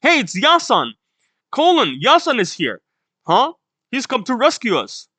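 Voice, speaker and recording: A man reading aloud as an excited young boy who cheers that his dad has come to rescue everyone. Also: high-pitched, a little fast, no echo.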